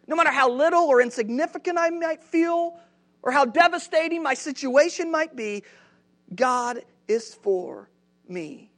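A man's voice: extremely high pitch, lively intonation, a little slow, a bit bright. A man preaching a sermon in a church, conversational, often asking the congregation questions. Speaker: pastor.

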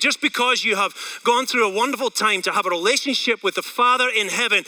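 A Scottish pastor preaching with energy and a chatty, questioning manner. His voice is high for a man and very bright. The mic picks him up from a little way off. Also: far from the mic, poor audio. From Scotland. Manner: energetic, conversational, asks the room questions. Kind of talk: sermon.

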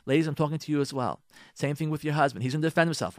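A man with a slightly high voice giving marriage advice on the radio. He hammers his points home with repetition and turns to speak straight to his listeners. The sound is close and dry, with no room echo. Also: racing, few pauses. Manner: emphatic, repeats key phrases, addresses listeners directly; uses Hebrew and Yiddish religious words.

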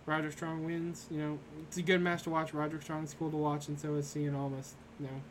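A young podcaster briskly recaps wrestling matches in a casual, rambling style packed with fillers. His delivery is flat and fairly high-pitched, with a little hiss or hum behind it.

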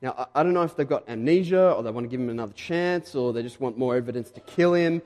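A man with an Australian accent preaching a sermon in a conversational, emphatic way, pushing louder on key points. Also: medium pitch, fast, in a large hall. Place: church hall.

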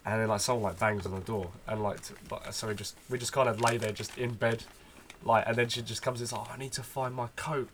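A young man telling a story in a casual podcast chat, halting, with many fillers. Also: fairly low pitch, fairly even intonation, fairly bright tone, a little hiss or hum. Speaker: podcast co-host. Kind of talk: casual banter. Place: bedroom at home.

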